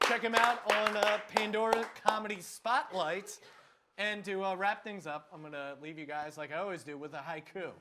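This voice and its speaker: A man's voice: high-pitched, loud music behind the voice. A man hosting a comedic late-night sports talk show in a studio, joking and laughing as he runs a quiz. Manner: jokey, quick, laughing quiz-master delivery. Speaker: host.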